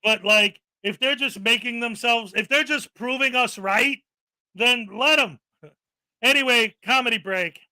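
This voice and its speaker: A man co-hosting a live stream in casual chat, joking and mocking, quick to laugh. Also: very high voice, pushed and bright.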